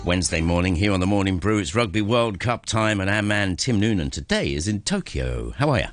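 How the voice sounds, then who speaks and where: A male morning radio host with a fairly low voice that moves up and down with lively pitch. He teases his guest in an easygoing way and fires off quick questions. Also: faint music behind.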